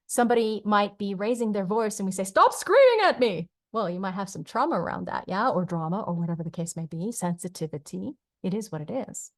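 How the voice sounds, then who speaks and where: A woman teaching a class from slides, talking casually and acting out short quoted phrases in changing voices. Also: mid-range voice. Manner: animated, acts out quoted phrases in varied voices. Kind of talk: lecture on a system with slides.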